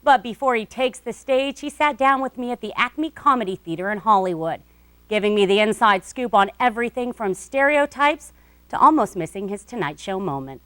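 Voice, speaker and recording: A woman's voice: a little high, lively intonation, normal speed, fairly bright tone, dry recording. A woman TV reporter narrating a feature segment in a polished, upbeat presenter delivery. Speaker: TV reporter and interviewer. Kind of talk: scripted news feature narration.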